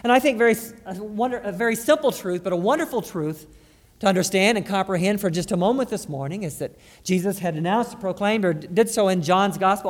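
High-voiced pastor preaching in reverb. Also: male voice. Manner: halting, repeats words, rises to emphatic stress. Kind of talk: sermon. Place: church sanctuary.

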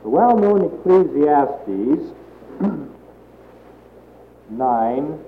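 A man delivers a Bible sermon in a slow, deliberate way, leaning on key words. His voice sits a little high. The recording is tinny and roomy, with a faint hiss behind it. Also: very animated. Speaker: preacher.

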